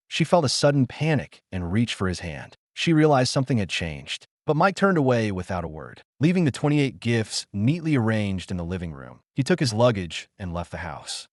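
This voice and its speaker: A man's voice: lowish voice, no echo, clean studio sound. A man narrating a scripted dramatic story, with emphatic delivery.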